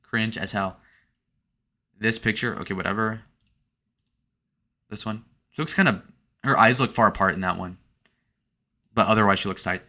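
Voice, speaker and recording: Brief: young male commentator, bright and sharp-toned, crude and sarcastic. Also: lowish voice, moderate pace, long pauses. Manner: crude, sarcastic, filler-heavy with "like". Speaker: online commentator. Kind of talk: casual reaction commentary.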